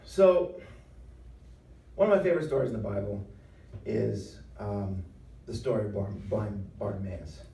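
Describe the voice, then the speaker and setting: A man's voice: on the low side, a little slow, gravelly, dark tone. Man preaching in a roomy hall. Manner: conversational, emphatic, acts out voices with humor. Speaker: former pastor giving a talk. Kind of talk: preaching talk. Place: live event venue. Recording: roomy hall sound, mic at a distance.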